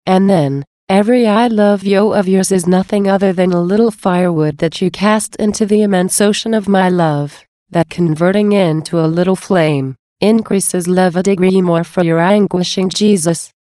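A woman reading aloud from a devotional text in a slow, earnest, measured way. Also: on the low side, fairly even intonation, warm tone, no echo, clean studio sound. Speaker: devotional reader.

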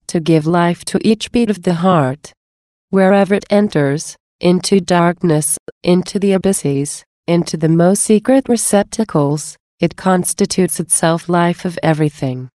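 A woman reading the words of a gentle, solemn male divine figure, tender and earnest. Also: lowish voice, no echo, studio quality, close to an everyday voice.

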